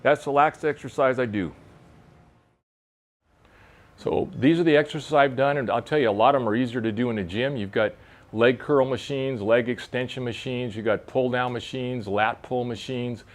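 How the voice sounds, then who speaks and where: Guy in his late 60s talking you through workout moves while doing them, plain and easygoing, middle pitch. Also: moderate pace. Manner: plain-spoken, coaching while demonstrating exercises. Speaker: fitness instructor for fly fishers. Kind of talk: casual instructional demo. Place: outdoor covered veranda in a park.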